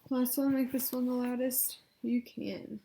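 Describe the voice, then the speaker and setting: A woman leading speech exercises, coaching patiently with encouragement and loud spoken demonstrations. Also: on the high side, little pitch movement, unhurried. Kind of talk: guided exercise instruction. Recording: echoey room.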